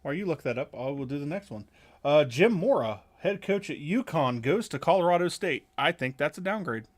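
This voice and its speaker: A man's voice: fairly high pitch, animated, brisk. A young man hosts a casual sports chat and runs through a list of coaching news. He talks loosely, with plenty of "uh" and "um" and a few curses. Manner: reads through coaching news, many fillers, swears. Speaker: podcast host.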